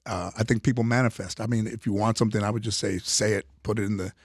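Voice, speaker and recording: Older guy, low gravelly voice, rambling storyteller, dry close mic. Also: fairly even intonation, quick pace, no echo. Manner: rambling, many restarts and fillers. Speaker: comedian guest. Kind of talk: casual interview storytelling.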